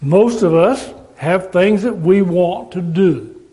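A man's voice: high voice, lively intonation, slow, mellow. A man preaching a sermon in an earnest, emphatic way, asking rhetorical questions.

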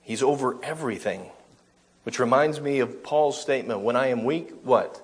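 A man's voice: medium pitch, moderate pace, husky. A man preaching a sermon, reading scripture aloud and explaining it, correcting himself now and then.

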